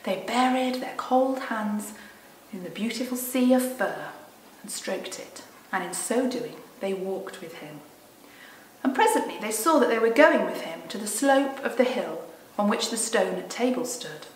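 A woman, a children's Sunday school leader, gently and expressively reading a storybook aloud. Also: mid-range voice, lively intonation, a little slow, reverberant, poor audio.

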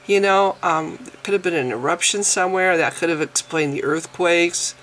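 A woman's voice: fairly low pitch, normal speed, fairly bright tone, slight background noise. A woman vlogger who is sick, ranting casually in an exasperated, mocking way and laughing now and then. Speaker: atheist vlogger. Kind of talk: casual vlog rant.

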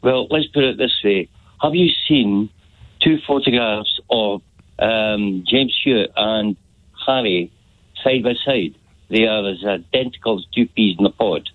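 Hesitant male caller over a phone line. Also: lowish voice. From Scotland. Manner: hesitant, halting. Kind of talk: phone-in call.

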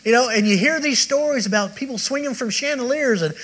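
A man's voice: very high voice, fairly quick, a bit bright, low-quality recording. A male preacher giving a rambling, conversational sermon that mixes in his own testimony at a church service. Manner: rambling, conversational storytelling with many restarts.

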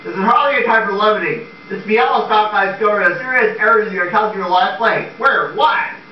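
A man's voice: high-pitched, brisk, a little hiss or hum, natural voice. A man doing Leo Bloom, a meek nervous accountant. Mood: fussy. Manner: meek, hesitant, fussy. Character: timid nervous young male accountant. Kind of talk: amateur comedy sketch. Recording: echoey, distant, dull lo-fi tape.

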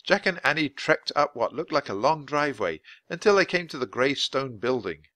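A man reading a children's chapter book aloud for English learners, in clear, expressive storytelling. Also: mid-range voice, normal speed, no echo. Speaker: audiobook reader.

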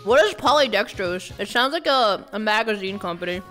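Excitable young woman streamer, high and bouncy, bright tone. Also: brisk, soft background music. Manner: excitable, jokey, talks to chat. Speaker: streamer host. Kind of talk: casual live-stream chat.

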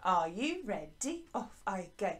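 An English woman teaching a bright, encouraging music lesson to young children from a small hut, speaking into a desk microphone. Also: medium pitch, sing-song, unhurried. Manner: bright, encouraging, sing-song teacher talk. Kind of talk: lively online children's lesson. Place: small garden hut classroom. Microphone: desk microphone by laptop.

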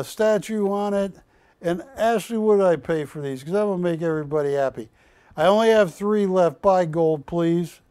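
A man hosting a live shopping channel, pitching coins in a folksy, joking, pushy sales manner. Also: mellow, clean tone, no room sound, clean studio sound.

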